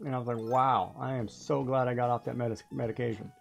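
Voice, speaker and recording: A woman's voice: extremely low pitch, steady tone, quick pace, creaky. Chatty woman telling stories while streaming. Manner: chatty storytelling, laughing often. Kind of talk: casual chat while playing a game.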